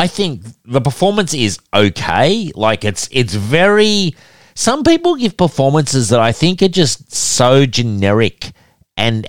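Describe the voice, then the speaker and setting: A man's voice: on the low side, no room sound, studio quality. A man co-hosting a casual film review podcast, chatty and swearing freely. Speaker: podcast co-host.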